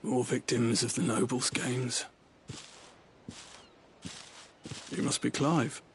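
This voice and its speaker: A gravelly, flat-toned voice of a weary gravedigger, as a man acts him out. He speaks in an even, world-weary manner, with a faint rumbling noise behind him. A somber game side character. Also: normal speed, lightly acted. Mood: solemn. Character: weary older gravedigger, a servant who buries the dead. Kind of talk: video game voice acting.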